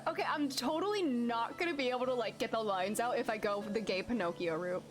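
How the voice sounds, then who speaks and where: A woman's voice: a little high, fairly quick. A woman streamer giving live game commentary, joking and giggling, with game music under the voice.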